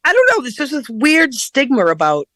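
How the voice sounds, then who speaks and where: Brief: woman from Boston, animated casual chat, dry mic. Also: high voice, moderate pace, dry recording. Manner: animated, laughing, emphatic.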